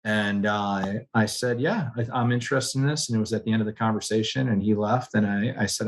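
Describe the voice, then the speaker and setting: A man, a guest on a podcast interview, telling stories with lively quoted voices and frequent laughter. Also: lowish voice, fairly quick, few pauses. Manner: animated storyteller, acts out quoted voices, laughs often. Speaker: guest, general manager.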